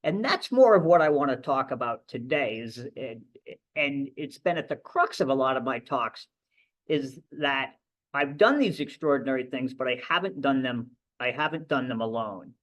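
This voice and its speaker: A man's voice: medium pitch, lively intonation, moderate pace, a bit bright. A middle-aged man, a ship captain, giving a conversational, anecdotal talk at a library event. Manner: conversational storytelling with restarts. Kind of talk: anecdotal lecture.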